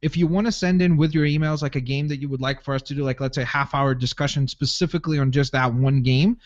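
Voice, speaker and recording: A man's voice: medium pitch, steady tone, fast talker. A man with a mid-range voice co-hosts a gaming podcast. He rambles loosely, and the audio is dull and lo-fi. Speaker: podcast co-host. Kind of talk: casual gaming podcast chat.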